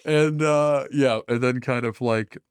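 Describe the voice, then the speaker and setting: Animated male podcast storyteller, dry sound. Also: medium pitch, unhurried, smooth, no room sound. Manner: animated storyteller, laughs often. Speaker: podcast co-host. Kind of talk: casual movie brainstorm chat.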